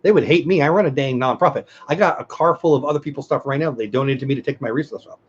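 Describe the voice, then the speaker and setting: A man's voice: mid-range voice, very fast, slightly rough, lo-fi sound. A middle-aged man co-hosting a casual livestream chat, earnest and rambling as he reads the chat aloud. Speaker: podcast co-host.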